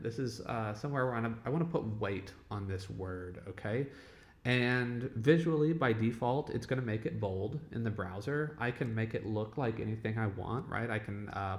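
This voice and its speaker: A man teaching a casual lecture, talking in a conversational way and often checking in with "okay?" and "right?". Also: mid-range voice. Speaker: web development instructor. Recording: echoey room.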